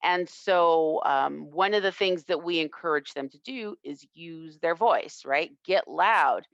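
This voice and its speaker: A woman self-defense instructor telling a personal story in an interview, reflective and earnest with halting restarts. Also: low voice, no echo. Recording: dull lo-fi, dry sound.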